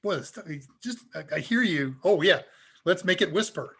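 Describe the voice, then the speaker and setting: A man hosting a live tech Q&A, talking casually and chuckling as he demonstrates software. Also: sits high, animated, normal speed, husky. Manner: casual and upbeat, chuckles often. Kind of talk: live demo talk.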